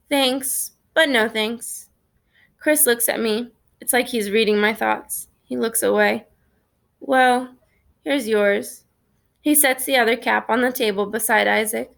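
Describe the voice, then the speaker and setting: A woman reading a storybook aloud in a steady first-person narration. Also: a little high, vocal fry. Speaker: reader.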